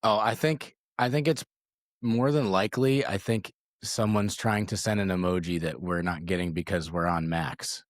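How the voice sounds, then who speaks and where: A laid-back man co-hosting a podcast, chiming in with easy, agreeing remarks. His voice sits low, and it is recorded dry and close. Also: steady tone, moderate pace, no echo. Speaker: podcast co-host. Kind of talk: casual podcast chat.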